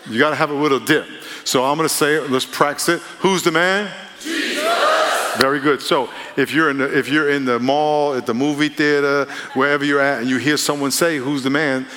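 A man's voice: fairly high pitch, fairly even intonation, fairly quick, pushed and bright. Man preaching in an echoing hall. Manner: conversational, playful call-and-response with congregation. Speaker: pastor. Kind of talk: sermon. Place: church sanctuary. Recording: long hall reverb.

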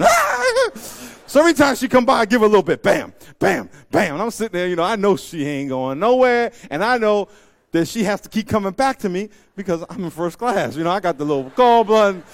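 A man's voice: high-pitched, fairly quick. A man preaching a sermon, telling stories and joking with his listeners. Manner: animated storytelling, joking with the audience. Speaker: pastor.

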